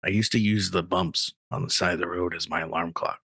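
A man co-hosting a podcast in casual banter, joking in a playfully hushed voice. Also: low-pitched, steady tone, brisk, husky, no room sound. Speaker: podcast co-host.

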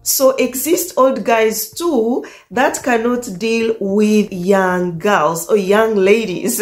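A woman with an East African accent, a dating coach telling a love story to her viewers in a casual, animated way, laughing often. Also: on the high side, slow, few pauses. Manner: animated, laughs often, acts out quoted lines. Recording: echoey room.

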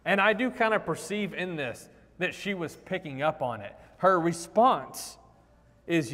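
A male preacher speaks in a somewhat high voice, chatty and animated as he acts out the lines he quotes. His sermon rings through a church sanctuary with a long hall reverb. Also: normal speed.

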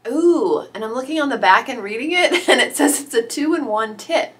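A middle-aged woman vlogging as an author YouTuber, gushing and squealing with excitement while unboxing gifts, teary-eyed. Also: high-pitched, unhurried, hardly any pauses. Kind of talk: unboxing vlog.

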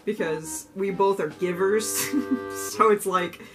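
A young woman vlogging as she unboxes gifts, gushing, gasping and squealing with excitement. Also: medium pitch, slow. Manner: gushing, squeals and gasps often, lively and giddy. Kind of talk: excited casual unboxing chat. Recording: music playing underneath.

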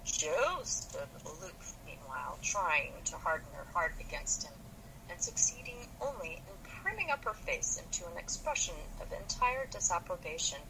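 A woman's voice: fairly low pitch, very animated, moderate pace. Wry woman podcaster, noisy recording. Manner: wry, opinionated commentary. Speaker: podcast co-host. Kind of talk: casual chat and reading aloud from a novel.

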